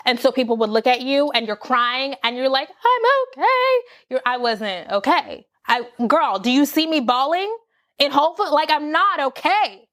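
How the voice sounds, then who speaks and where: Candid woman telling a breakup story. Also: a little high. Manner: candid, animated, acts out her own quotes. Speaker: vlogger. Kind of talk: personal storytime.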